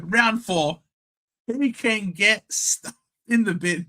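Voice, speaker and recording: A man's voice: high voice, slow pace, pushed and bright. A young Australian man hosting a casual live sports watchalong, bantering cheekily with chat and reading out scores. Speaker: livestream host.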